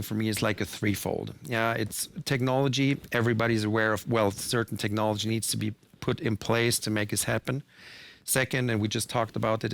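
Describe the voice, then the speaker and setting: A man with a German accent speaks on a panel in a low, gravelly voice. He answers earnestly and stops often to restart his thoughts. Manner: earnest, many fillers and restarts. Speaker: truck maker executive panelist.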